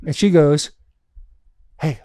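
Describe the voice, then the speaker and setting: A man co-hosting a podcast, telling a story in an animated, profane way with frequent laughs. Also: on the high side, takes it slowly, dry recording, clean studio sound. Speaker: podcast co-host. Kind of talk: casual storytelling chat.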